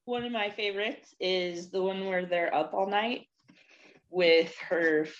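A woman guesting on a casual podcast, speaking hesitantly with many pauses and fillers. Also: lowish voice, fairly even intonation, muffled recording. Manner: slow, hesitant, many ums.

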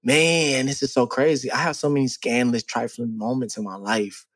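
A man hosting a podcast, reacting excitedly and insisting on explaining his point. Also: mid-range voice, moderate pace. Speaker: podcast host. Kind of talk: casual podcast chat.

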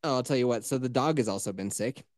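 A man's voice: mid-range voice, quick pace, a little mellow, no room sound. A young man, the podcast host, telling rambling, crude stories in casual chat with frequent laughter.

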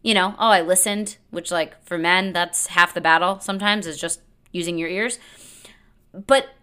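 Bright, chatty woman podcast host. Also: fairly low pitch, moderate pace, clean tone. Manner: chatty, animated, lots of "like" and quoted dialogue. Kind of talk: casual storytelling monologue.

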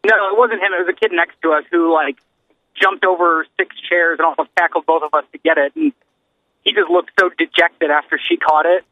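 A man's voice: fairly high pitch, a little fast, no echo, phone-quality sound. A man co-hosting a casual comedy talk show, musing in an easygoing way. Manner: easygoing, musing, wide-ranging intonation. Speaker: podcast co-host.

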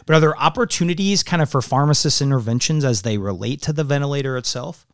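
A man's voice: medium pitch, fast talker, no echo, studio quality. A man hosting a clinical podcast, affirming his guest and asking reflective questions. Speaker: podcast host. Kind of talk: interview conversation.

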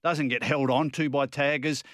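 An Australian man gives his views on football as a radio co-host. He rambles and restarts his sentences as he argues a point. His mid-pitched voice is recorded dry and close. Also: fairly even intonation, moderate pace, a bit bright, dry recording. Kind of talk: casual radio chat.

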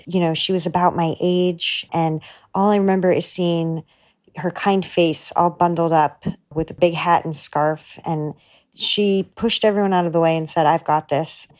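Woman, low voice, sincere first-person storyteller. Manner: earnest, heartfelt retelling, drops to a hush for inner thoughts. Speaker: story contributor.

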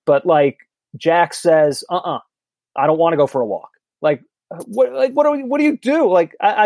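A man in his thirties chatting on a podcast, candid and self-deprecating, tending to ramble. His voice sits a little higher than most men's. The recording is dry and close. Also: warm tone, dry recording. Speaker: podcast co-host. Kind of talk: casual chat.

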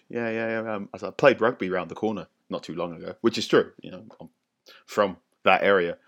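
A man's voice: low voice, fast talker, a bit bright, lo-fi sound. A man guesting on a football podcast, a writer telling rambling anecdotes with lots of hesitant fillers and frequent laughter. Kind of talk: casual storytelling.

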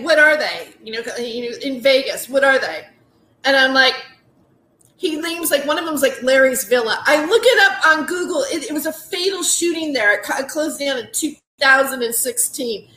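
This forties-aged woman comic rambles through a casual story, riddled with "like"s, restarts and laughing asides. She speaks at normal speed in a high, bright, forceful voice, recorded in an echoey room.

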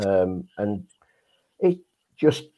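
An English man with a low voice co-hosts a casual football podcast. He chats freely, and his speech is full of fillers. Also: sing-song, drawn-out words, mellow, poor audio. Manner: chatty, filler-heavy. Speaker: podcast co-host.

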